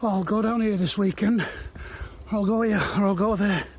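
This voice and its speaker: A man's voice: high voice, steady tone, normal speed, breathy edge. A man chatting to camera as he walks hilly woodland paths, rambling and easily amazed, at times a bit out of breath. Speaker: walking vlogger. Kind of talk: casual walk-and-talk narration.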